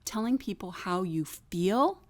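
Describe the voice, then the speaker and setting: A middle-aged woman co-hosting a casual parenting talk, chatty and quick to jump in with examples. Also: medium pitch, lively intonation. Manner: chatty, laughs, jumps in with examples. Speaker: co-host, parent.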